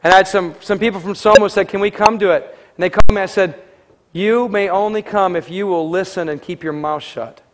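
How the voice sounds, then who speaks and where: A man's voice: high-pitched, a little fast, a little hiss or hum. A man preaching in a conversational sermon, telling a story and acting out the dialogue. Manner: conversational, animated, acts out quoted dialogue. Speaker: pastor.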